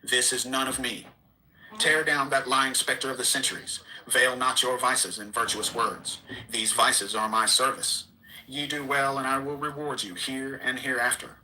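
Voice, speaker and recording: A man's voice: mid-range voice, steady tone, moderate pace, pushed and bright, rough recording. A man giving a solemn, declamatory reading of an archaic scriptural text. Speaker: reader.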